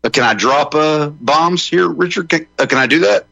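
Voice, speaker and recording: A man's voice: a little high, normal speed, vocal fry, bright, forceful tone, no room sound, muffled recording, faint music behind. A man who is a comedian guest on a radio talk show, joking in a rambling way with many fillers.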